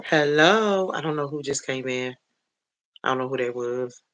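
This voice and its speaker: A woman hosting a casual livestream on her phone, chatting warmly with viewers she calls baby and honey, greeting each one by name. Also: extremely low pitch, normal speed. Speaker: livestream host.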